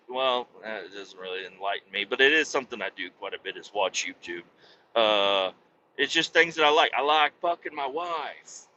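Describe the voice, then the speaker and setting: Guy rambling on his own podcast, cusses a lot, bright voice that swings up and down, kinda dull lo-fi sound. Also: on the low side, animated, moderate pace, a little hiss or hum. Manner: rambling, profane, self-interrupting. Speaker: podcast host. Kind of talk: casual solo podcast monologue. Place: home podcast setup in Missouri. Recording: dull lo-fi recording.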